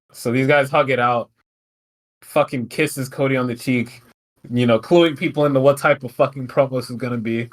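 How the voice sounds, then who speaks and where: A man's voice: mid-range voice, fairly bright tone. A man co-hosting a podcast, recapping wrestling in a casual, profane, rambling way with frequent laughs. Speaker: podcast co-host.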